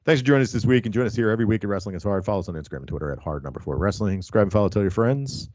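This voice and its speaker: A man's voice: lowish voice, very fast, a little mellow, no room sound, muffled recording. A man hosting a podcast, telling a crude story in casual chat. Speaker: podcast host.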